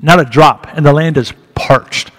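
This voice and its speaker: A man's voice: on the high side, normal speed. A man speaking as a guest at a church, telling a story to the congregation in a candid, conversational way with rising emphasis. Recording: reverberant church hall.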